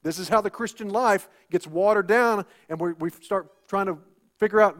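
A man's voice: high-pitched, normal speed, a bit bright. A male pastor preaching a sermon, asking rhetorical questions and repeating phrases for emphasis. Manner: rhetorical questions, call-and-response "Amen?".

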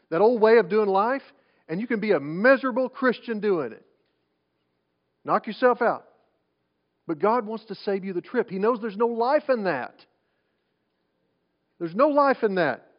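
High-voiced preacher, lo-fi. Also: male voice. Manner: conversational preaching with rhetorical questions and repeated restarts. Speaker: pastor. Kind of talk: sermon. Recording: dull lo-fi sound.

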